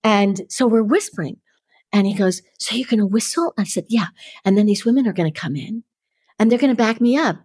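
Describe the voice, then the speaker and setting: A middle-aged woman, a podcast guest telling stories with lively energy and acting out the voices in them. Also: mid-range voice, a little fast, husky, dry recording, studio quality. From New York. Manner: lively, acts out the voices in her stories, laughs often. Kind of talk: animated storytelling.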